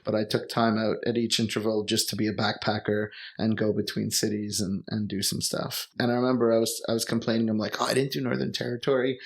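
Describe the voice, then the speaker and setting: A young Canadian man telling travel stories in relaxed, rambling conversation, full of fillers. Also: fairly low pitch, fast talker, vocal fry, few pauses. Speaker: guest. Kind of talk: casual storytelling conversation.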